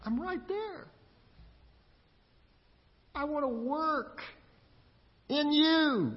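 A man voicing God as a gentle, reassuring presence, soft and high, in a sermon. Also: animated, extremely slow, heavily acted. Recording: echoey church hall, dull lo-fi.

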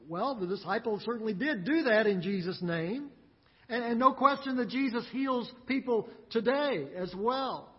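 A man preaching a sermon, earnest and emphatic, with dramatic pauses. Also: sits high, breathy edge, big-room sound, highs cut off. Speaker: pastor.

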